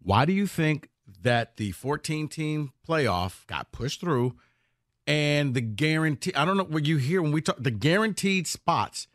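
Guy on a sports talk show, pretty high voice, swings all over, dry close sound. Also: a little slow, no echo. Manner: animated, argumentative. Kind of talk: lively sports debate.

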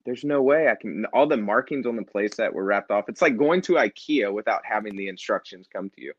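Low-voiced man telling a story. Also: fairly quick, breathy edge, no room sound, highs cut off. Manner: animated storyteller, acts out quoted dialogue. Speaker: guest, nonprofit founder. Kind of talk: storytelling in a casual interview.

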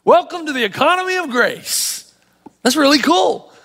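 A male pastor preaching with animated, emphatic storytelling. His voice is notably high for a man. It carries a long reverb from a church hall. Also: normal speed. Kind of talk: sermon.

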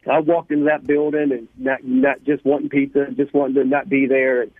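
A man from Louisiana, telling his life story as a radio guest, animated and laughing, often repeating words. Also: medium pitch, brisk, no room sound. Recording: tinny phone line, dry.

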